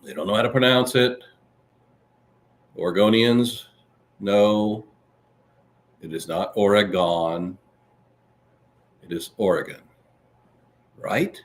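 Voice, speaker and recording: A man's voice: on the low side, takes it slowly, long pauses. A man hosting a casual live podcast, joking around and reading viewer comments aloud. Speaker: podcast host. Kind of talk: casual livestream chat.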